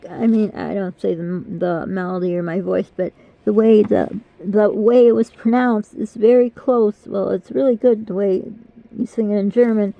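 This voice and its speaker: Older woman with a gravelly voice, rambling. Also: mid-range voice, steady tone, normal speed, no room sound. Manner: rambling, apologetic, self-deprecating. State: mouth pain. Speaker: vlogger. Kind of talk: casual chat. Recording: dull lo-fi dry sound.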